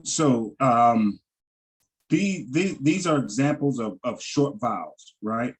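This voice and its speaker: Halting, slow-talking male teacher. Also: medium pitch, expressive, rough recording. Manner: halting, repeats words, checks in with "right?". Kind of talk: Hebrew vowel lesson over screen share. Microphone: video call.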